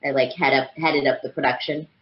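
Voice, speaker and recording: A woman's voice: a bass voice, fairly even intonation, brisk, a little hiss or hum. A woman voice actress chatting as an interview guest, rambling with lots of fillers. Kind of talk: casual interview chat. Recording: roomy, dull lo-fi sound.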